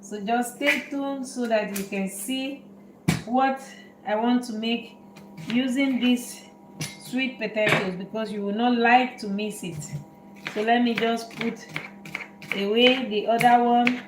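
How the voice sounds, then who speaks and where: Slow-talking woman hosting a live cooking demo. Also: a little high, steady tone, reverberant, noisy background. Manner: chatty, narrates each step to viewers. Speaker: cooking show host. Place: kitchen.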